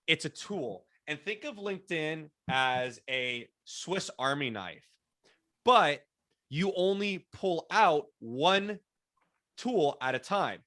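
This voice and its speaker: A man's voice: fairly high pitch, expressive, takes it slowly, a bit bright. A man whose first language is Spanish, presenting an online workshop and coaching attendees, often repeating words as he restarts sentences. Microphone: video call.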